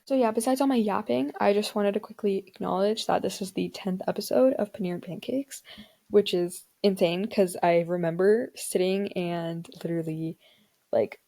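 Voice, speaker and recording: A woman's voice: mid-range voice, normal speed, gravelly, mellow. A teenage girl hosting her own podcast, chatting casually and dramatically, with lots of filler words. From Indian family background. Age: teens. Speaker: podcast host. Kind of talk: casual solo podcast chat.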